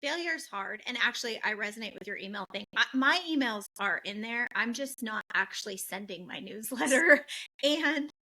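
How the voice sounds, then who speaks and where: A middle-aged woman from the western United States hosting a podcast, telling stories in a lively, candid and blunt way. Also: a little high, normal speed, rough recording. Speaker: podcast host. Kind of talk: casual chat.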